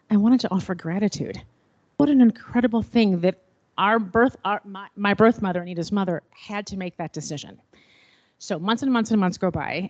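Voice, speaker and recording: A middle-aged woman telling a personal story at a panel, expressive and acting out remembered dialogue. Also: medium pitch, dry recording, muffled recording. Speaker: panel speaker.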